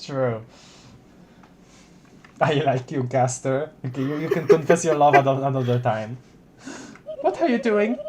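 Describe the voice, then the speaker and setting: A man's voice: mid-range voice, moderate pace, long pauses, very noisy. A man streaming a video game, chatting playfully, laughing often and stumbling over his words. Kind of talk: let's play commentary.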